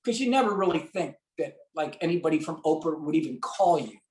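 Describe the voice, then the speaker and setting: A man's voice: on the high side, brisk. Guy from st louis telling a long story on a podcast, acts out the quotes, bit of room echo. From St. Louis, USA. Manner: animated storyteller acting out quotes. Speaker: guest. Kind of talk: storytelling in an interview. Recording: roomy echo.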